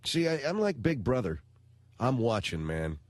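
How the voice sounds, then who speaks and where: A man's voice: medium pitch, big pitch swings, normal speed, dry recording. A man hosting a radio talk show, ranting in a blunt, slangy, indignant way into a studio microphone.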